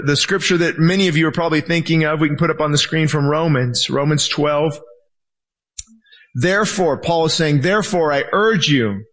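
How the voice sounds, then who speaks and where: A man with a high, light voice preaches a sermon in a church. He delivers it with passion, slowing hard on key lines and acting out the voices of the people in his stories. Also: fairly bright tone. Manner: impassioned preaching, acts out voices and slows for emphasis. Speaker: pastor. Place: church sanctuary with screen.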